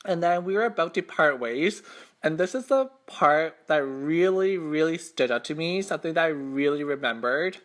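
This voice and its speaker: A man's voice: fairly high pitch, lively intonation, normal speed, a bit bright. A young man hosting an eating show, telling a casual story between bites in a rambling, filler-heavy way, self-conscious and embarrassed. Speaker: mukbang host.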